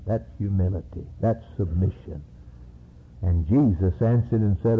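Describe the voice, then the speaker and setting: A man's voice: deep voice, normal speed, breathy edge. A man preaching a sermon, reading scripture and acting out its cries with dramatic emphasis. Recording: tinny lo-fi phone-like recording.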